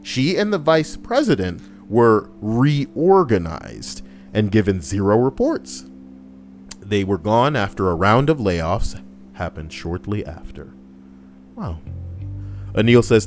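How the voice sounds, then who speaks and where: A man's voice: lowish voice, very animated, takes it slowly, darkish tone, faint music behind. A young man live streaming, chatting casually and reading viewer messages aloud in a rambling, crude, joking way.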